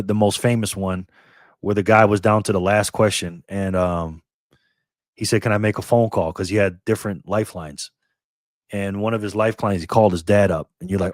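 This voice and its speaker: A man's voice: on the low side, dry recording, clean studio sound. A man in his fifties, a guest in a casual interview, telling stories and acting out little dialogues. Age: 50s. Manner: animated storyteller acting out dialogues.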